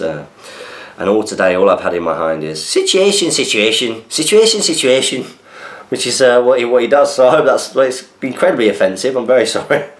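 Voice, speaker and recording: Male podcast host, chatty and easygoing, deeper voice, answers listener mail, echoey room sound. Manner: chatty, reads listener messages aloud with asides. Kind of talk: casual chat. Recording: roomy echo.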